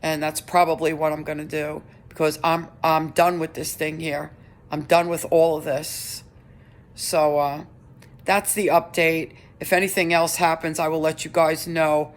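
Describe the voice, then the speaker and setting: Middle-aged woman, slightly low voice, vlogging an earnest personal update with halting restarts. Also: little pitch movement.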